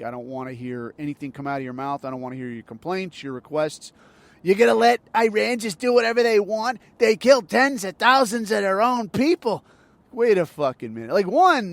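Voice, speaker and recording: Ranting, profane man with a raised pitch. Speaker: podcast host. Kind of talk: profane political monologue.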